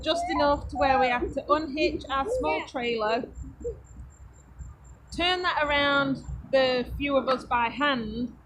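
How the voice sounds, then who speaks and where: A British woman hosts a homesteading live stream, chatting to viewers about a road trip, laughing often and breaking off to speak to her children. Her voice sits high and a bit bright, and she talks slowly. The recording is rough, with slight background noise.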